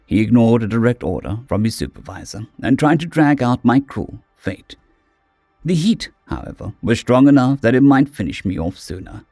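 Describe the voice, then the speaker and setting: Male audiobook narrator, animated delivery, warm dark tone, dry close mic. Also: mid-range voice, normal speed, no echo, faint music behind. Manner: expressive, dramatic storytelling. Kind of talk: first-person audiobook narration.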